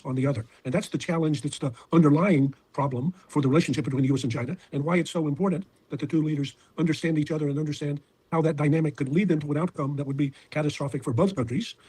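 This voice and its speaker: A male professor speaking in an interview clip, laying out his analysis in a steady, explanatory way. His voice is mellow and slightly husky, and he talks quickly. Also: a little high. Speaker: professor and foreign-policy expert. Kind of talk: interview answer.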